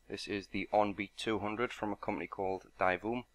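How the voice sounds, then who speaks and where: A man's voice: on the low side, fairly even intonation, brisk. A man narrating an unboxing and product walkthrough in a matter-of-fact, explanatory way. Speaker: product reviewer.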